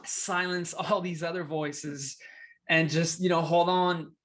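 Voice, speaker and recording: A man's voice: fairly high pitch, fairly even intonation, takes it slowly, fairly bright tone. A man co-hosting a faith talk, speaking reflectively and encouragingly with many fillers. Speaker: podcast co-host. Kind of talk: casual chat.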